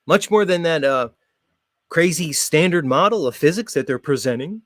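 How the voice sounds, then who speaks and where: A man hosting his show in a sarcastic, mock-formal monologue, jumping between loud jabs and muttered asides. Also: fairly high pitch, expressive, fairly quick, no echo, studio quality. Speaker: show host. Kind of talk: sarcastic monologue reacting to a clip.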